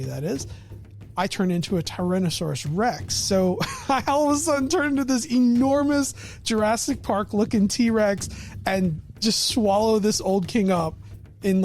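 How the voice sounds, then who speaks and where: A middle-aged man casually recounting a tabletop game session on his video diary, animated and laughing often. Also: high voice. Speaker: miniature painting vlogger. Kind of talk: casual storytelling.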